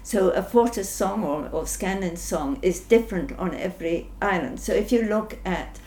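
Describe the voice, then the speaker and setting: An older woman scientist answering interview questions thoughtfully, pausing often with ums and restarting sentences. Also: medium pitch, animated, darkish tone. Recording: roomy echo, faint background noise.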